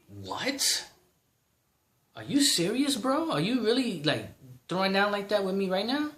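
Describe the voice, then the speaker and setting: A man's voice: sits high, sing-song, a little slow, fairly bright tone, reverberant. A man in his thirties ranting in a vlog, heated and exasperated, repeating himself. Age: 30s. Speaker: vlogger.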